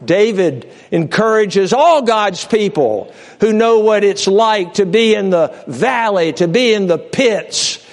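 A man preaching a sermon with passion, swinging between raised cries and low hushed storytelling, often restarting words and speaking straight to his listeners. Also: animated, slow, few pauses. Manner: repeats and restarts words, direct address to listeners. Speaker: pastor.

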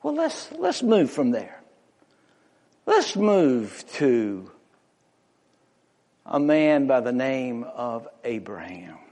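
Slow, swooping male preacher. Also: very animated, darkish tone. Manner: emphatic, drawn-out pulpit delivery with big pitch swings. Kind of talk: sermon.

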